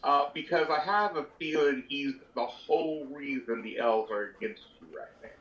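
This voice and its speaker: Man, tabletop player, earnest, halting, roomy echo, dull lo-fi sound. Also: medium pitch, a bit bright. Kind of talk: in-character role-play chat. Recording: roomy, dull lo-fi stream audio.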